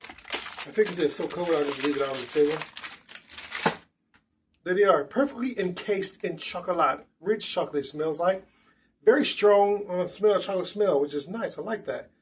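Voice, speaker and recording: A man's voice: high-pitched, normal speed, slight background noise. A man hosting a casual snack tasting vlog indoors at a table, chatty and enthusiastic with loose restarts. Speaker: food vlogger.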